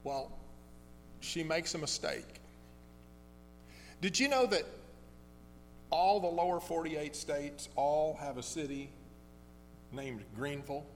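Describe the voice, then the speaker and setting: A man preaching a sermon, telling a story in a conversational, halting way with many restarts. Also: fairly high pitch. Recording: long hall reverb with faint hum.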